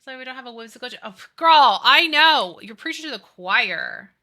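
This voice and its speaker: A woman's voice: high voice, expressive, fairly quick, sharp tone. Bubbly chatty woman streamer. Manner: chatty, gushing, reads chat aloud. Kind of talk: casual live-stream chat.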